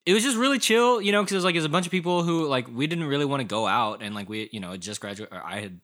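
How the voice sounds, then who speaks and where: A man co-hosting a podcast, talking in a relaxed, chatty way with lots of fillers. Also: medium pitch, racing. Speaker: podcast co-host. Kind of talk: casual chat.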